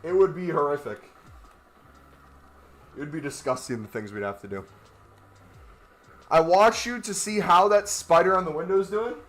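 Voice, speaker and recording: A man's voice: on the high side, moderate pace, long pauses, fairly bright tone. A man chatting casually on a gaming livestream, rambling and joking while he walks on a walking pad. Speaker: gaming streamer.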